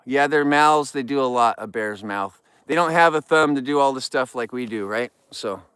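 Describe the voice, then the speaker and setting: A man's voice: medium pitch, normal speed, a bit bright, clean tone, dry recording. A man hosting a casual live vlog outdoors, talking straight to viewers in an upbeat, rambling way. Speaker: outdoor livestream host. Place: outdoors in the wild.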